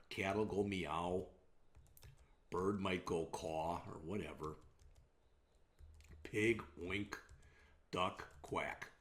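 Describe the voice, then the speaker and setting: A man teaching programming in a casual, conversational recorded slide lecture, often checking in with "all right?". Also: fairly low pitch. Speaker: programming instructor.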